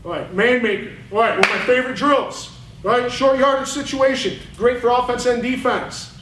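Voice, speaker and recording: Extremely high in pitch and moderate in pace, a man's voice carries over game film at a coaching clinic. The football coach is fired up and animated, talking bluntly and with fire. The sound is roomy and distant-miked, with faint background noise.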